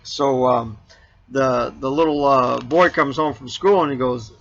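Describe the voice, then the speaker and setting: A man's voice: medium pitch, fairly even intonation, unhurried, creaky, a bit bright, dull audio. A man hosting an RV vlog, telling a joke in a casual, rambling way, full of fillers and restarts. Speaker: RV vlog host.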